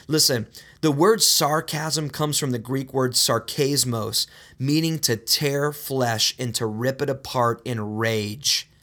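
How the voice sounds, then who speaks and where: A man's voice: mid-range voice, takes it slowly, pushed and bright. A man preaching a sermon in an earnest, direct way, often calling his listeners "guys" and repeating words for emphasis. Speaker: pastor.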